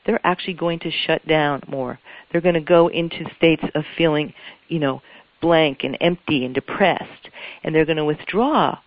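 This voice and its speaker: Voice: medium pitch, normal speed, no echo, muffled recording. A couples therapist giving an earnest, explanatory interview answer and often repeating phrases for emphasis.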